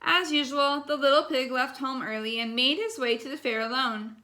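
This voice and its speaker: A woman reading a bedtime story aloud in a gentle, expressive way. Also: high-pitched, normal speed.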